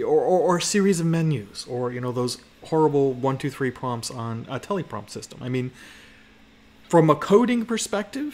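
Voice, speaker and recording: A man's voice: mid-range voice, a little mellow. A man giving a conference talk in a loose, rambling way, with many restarts and frequent checks with the audience. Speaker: presenter.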